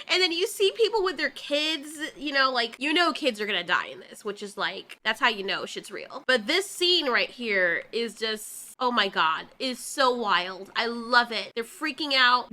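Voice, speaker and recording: A woman giving casual, excitable commentary while reacting to a film, laughing often and slipping into playful voiced asides. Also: a little high, moderate pace, slight background noise.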